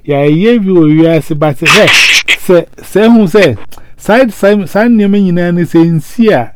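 A man hosting a casual chat, animated, with frequent exclamations. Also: high voice, unhurried, clean tone, dry recording. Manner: animated, mixing English and local language, frequent exclamations.

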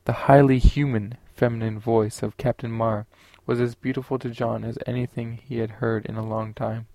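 A man narrating a science fiction audiobook in a steady, unhurried way. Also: mid-range voice, no echo.

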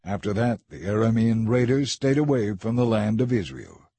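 A man reading a scripture story aloud in a measured, even narrating manner. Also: fairly low pitch, husky, dry recording. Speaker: audiobook reader.

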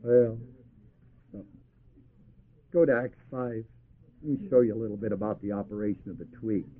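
A man with a lowish voice preaches at a moderate pace, often chuckling and inviting the congregation to finish the verses he quotes. It's a tinny, lo-fi tape recording.

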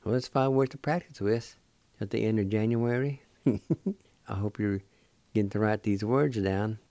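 A man with a low, mellow voice teaches words on the radio at a very unhurried pace. He sounds each syllable out with care and repeats every word. The sound is dry and close. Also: no echo. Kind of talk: slow spelling and pronunciation lesson.

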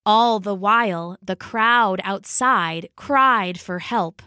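A woman reading a children's storybook aloud in an expressive, unhurried way. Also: medium pitch, no echo, clean studio sound. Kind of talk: storybook read-aloud narration.

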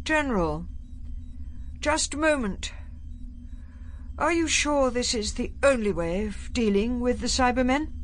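A quavery, irritable old man snaps at those around him, as a woman narrator puts him on in a storybook reading. His voice sits higher than her narration, with lively swings. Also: a little slow, long pauses, a little hiss or hum. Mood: testy.

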